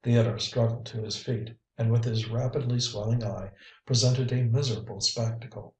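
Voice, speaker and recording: A man narrating an audiobook in an even, measured reading. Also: medium pitch. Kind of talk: scripted narration. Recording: roomy, distant mic.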